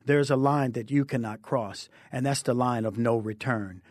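A man's voice: mid-range voice, normal speed, a little mellow, dry recording. A man who is a preacher, telling his testimony earnestly in an interview, with a fervent storytelling delivery. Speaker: preacher guest.

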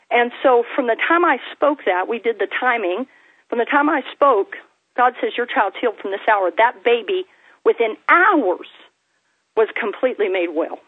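A woman minister telling a testimony story in an earnest, animated way, acting out the people she quotes. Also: fairly high pitch, no echo. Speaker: guest minister. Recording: tinny phone-like line.

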